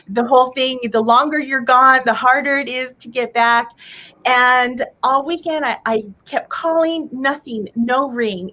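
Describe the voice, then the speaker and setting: Woman storyteller from Arizona, high voice, earnest, heartfelt personal tale. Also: a bit bright. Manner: earnest, heartfelt, acts out her own quoted thoughts.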